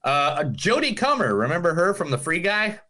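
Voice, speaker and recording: Bright-voiced man chatting on a podcast. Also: on the high side, sing-song, moderate pace. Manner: loose, joking, reads out entertainment news. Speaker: podcast co-host. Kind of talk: casual podcast chat.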